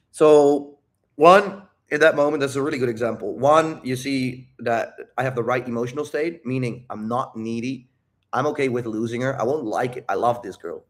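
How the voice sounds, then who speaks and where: A man hosting a casual live Q&A on dating, with a mid-range voice. He swears freely, rambles off on tangents and keeps catching and correcting himself. His delivery is animated and unpolished. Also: mid-range voice. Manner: profane, animated, rambling with self-interruptions. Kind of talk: casual livestream talk.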